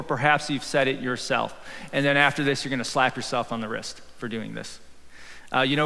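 A man, a pastor, preaching a sermon in a church with humor and a casual, conversational way of talking, sometimes raising his voice to a shout. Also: mid-range voice. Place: church sanctuary. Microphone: handheld or headset microphone. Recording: live hall reverb.

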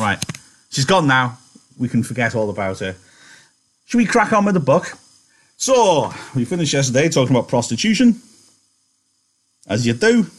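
Husky man, English teacher, chatty and encouraging in an online lesson. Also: mid-range voice. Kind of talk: online lesson and reading aloud.

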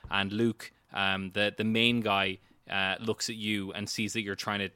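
A man's voice: lowish voice, level tone, a little slow, sharp tone, clear, resonant tone, dry recording. A man, running a tabletop game as game master, joking and laughing often.

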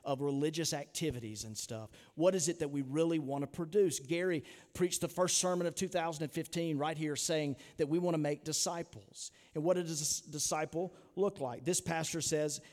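A pastor delivering an earnest, emphatic sermon full of rhetorical questions. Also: male voice, fairly high pitch, moderate pace, hardly any pauses, a little mellow, big-room sound. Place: church sanctuary.

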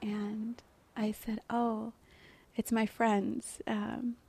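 A woman hosting a podcast, softly and emotionally telling a personal story about a guided meditation. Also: on the high side, flat delivery, extremely slow, gravelly, husky. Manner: soft, emotional, often laughing through tears. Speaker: podcast host.

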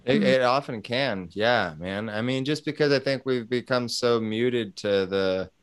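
A man's voice: medium pitch, measured pace, clean tone. A man in casual conversation who talks animatedly, swears freely and acts out bits of dialogue. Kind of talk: casual chat.

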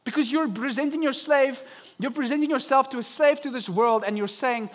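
A young man preaching a Sunday sermon, animated and acting out inner voices. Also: very high voice, brisk. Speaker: pastor. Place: church service.

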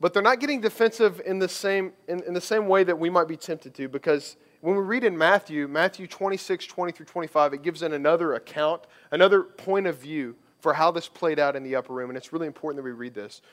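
A man's voice: a little high, quick pace, few pauses, a bit bright. A male pastor preaching a conversational sermon, slipping into the voices of people he quotes.

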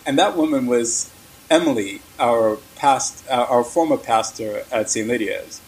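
A man's voice: mid-range voice, measured pace, poor audio. A man telling a story as an interview guest, in a casual, rambling, conversational way.

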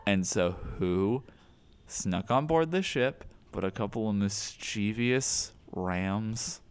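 A man with a very low, deep voice co-hosting an improvised comedy podcast. He talks in a playful, self-mocking way and rambles into long tangents. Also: slow pace, clean tone. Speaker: podcast co-host.

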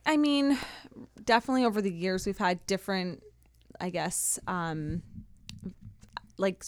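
A woman's voice: medium pitch, animated, a little slow, dry recording. A Canadian woman, a guest on an interview show, talking in a friendly, conversational way. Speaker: guest, food entrepreneur. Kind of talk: casual interview chat.

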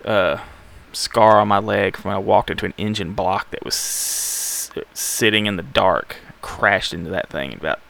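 A man's voice: on the low side, moderate pace, creaky, hardly any pauses, fairly bright tone. A man from Alabama, hosting a music show in a rambling, laid-back, self-deprecating way. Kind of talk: casual radio show chat.

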